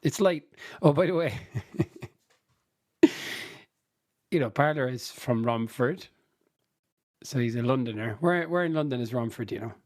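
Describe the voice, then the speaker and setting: A man co-hosting a book podcast. He laughs easily and wanders through his thoughts in casual conversation. He sits close to the mic in a dead, dry room, at an ordinary middle pitch. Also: expressive, a little slow, pauses often, a little mellow, no echo. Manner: laughing, rambling storyteller. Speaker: podcast co-host. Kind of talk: casual chat.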